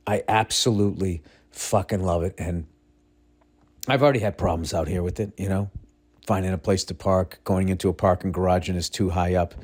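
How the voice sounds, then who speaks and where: Low-voiced man ranting on a podcast. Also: a little fast. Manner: profane, blunt, excitable storytelling. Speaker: podcast host. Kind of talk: casual rambling monologue.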